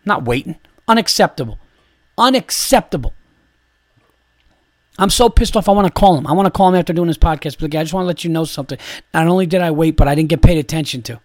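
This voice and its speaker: A man's voice: fairly high pitch, quick pace, no room sound, clean studio sound. A young adult man hosting a podcast, ranting in an exasperated, profane, repetitive way. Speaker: podcast host. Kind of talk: casual ranting monologue.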